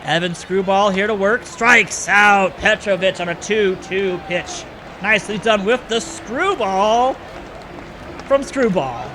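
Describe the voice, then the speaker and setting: A high-pitched man calls the play-by-play over a baseball video game, getting excitable on big plays and frequently correcting himself. There is noise in the background.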